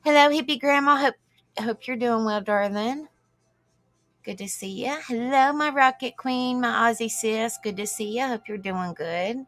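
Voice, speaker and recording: A woman's voice: on the high side, a little slow, no room sound. A woman hosting a casual livestream, greeting viewers by name and chatting. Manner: warm greetings to viewers, calling them honey and sister, laughing often. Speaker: livestream host.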